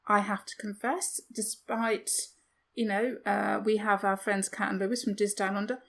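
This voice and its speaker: A woman's voice: mid-range voice, fairly even intonation, moderate pace, vocal fry, fairly bright tone. A woman co-hosting a podcast, chatting casually with self-deprecating asides and rhetorical questions. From United Kingdom. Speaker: podcast co-host. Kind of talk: casual chat.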